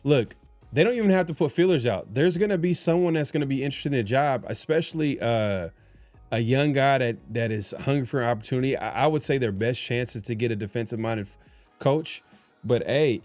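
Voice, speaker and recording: A man co-hosting a casual sports talk show, speaking in a halting, laid-back way with many restarts. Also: mid-range voice, a little mellow, no echo. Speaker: podcast co-host.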